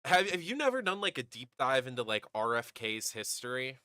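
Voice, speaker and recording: A man's voice: medium pitch, very animated, fairly quick, sharp tone, smooth, dry recording, studio quality. A male streamer chatting casually, loose and joking, cursing now and then. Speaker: streamer host. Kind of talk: casual chat.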